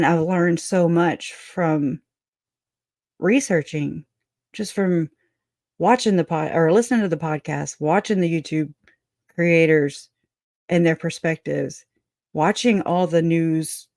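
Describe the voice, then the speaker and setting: A woman's voice: fairly low pitch, darkish tone, dry recording, studio quality. A woman hosting a true crime livestream, rambling, laughing often and teary as she chats. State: crying. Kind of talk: emotional livestream chat.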